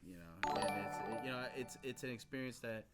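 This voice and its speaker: A man hosting a podcast, telling his story in a relaxed, casual way, full of fillers and casual swearing. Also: fairly low pitch, brisk, over loud music. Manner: laid-back, heavy on fillers like "you know what I mean", swears casually. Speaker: podcast host. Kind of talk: casual storytelling in a men's talk circle.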